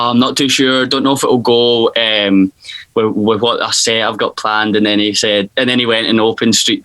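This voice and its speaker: A young Scottish man, a DJ and producer, telling stories in a casual video-call interview, animated and full of restarts. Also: mid-range voice. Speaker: guest DJ and producer.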